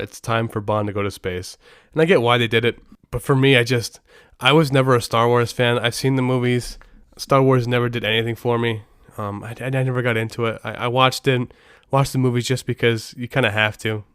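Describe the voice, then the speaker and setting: Rambling, smooth-voiced podcast host, man. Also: mid-range voice, no room sound, clean studio sound. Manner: rambling, anecdotal storytelling. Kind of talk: casual podcast chat.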